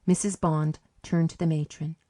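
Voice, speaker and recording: A woman narrating a short story audiobook in a calm, measured way. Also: low-pitched.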